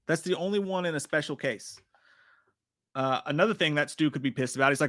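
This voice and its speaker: A man's voice: on the high side, brisk, a bit bright, no room sound, clean studio sound. A man hosting a live trailer breakdown, rambling casually, swearing freely and reading out chat comments. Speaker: live-stream host.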